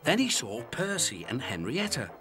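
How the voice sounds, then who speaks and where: A man giving scripted, expressive storybook narration for children. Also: mid-range voice, moderate pace, background noise. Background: music.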